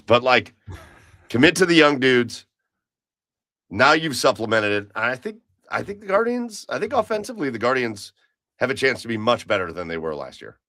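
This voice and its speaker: A man's voice: medium pitch, bright, forceful tone, no room sound. A man co-hosting a podcast, chatting casually about baseball in a rambling way, full of restarts. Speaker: podcast co-host. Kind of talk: casual sports chat.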